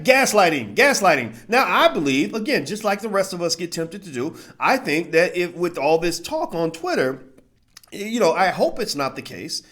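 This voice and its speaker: Animated, preachy male commentator. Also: a little high. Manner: animated, preachy, repeats himself. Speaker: commentator and channel host. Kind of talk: live-streamed commentary.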